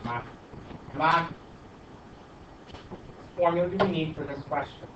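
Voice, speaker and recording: A man's voice: a little high, normal speed. A male math teacher questioning and coaxing his students through a problem in class. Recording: echoey classroom from far off, dull, light noise.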